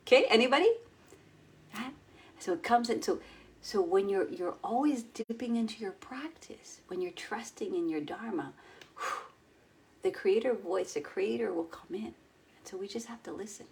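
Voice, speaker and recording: A middle-aged woman coaching her audience in a lively way, acting out inner voices and dropping to near whispers. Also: mid-range voice, moderate pace. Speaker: yoga and mindset coach. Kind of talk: coaching talk to an online audience.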